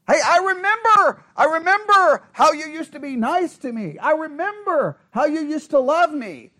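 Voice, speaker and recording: A man's voice: extremely high pitch, very animated, moderate pace, pushed and bright, pitched above the performer's own voice, full character voice. A man voicing God, urgently challenging. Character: God, challenging and frustrated, demanding answers.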